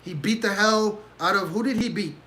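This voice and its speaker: A man's voice: high voice, moderate pace, sharp tone, a little hiss or hum. A man hosting a casual livestream, ranting in an exasperated way and talking straight to his chat from a room at home. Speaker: livestream host reacting to fights.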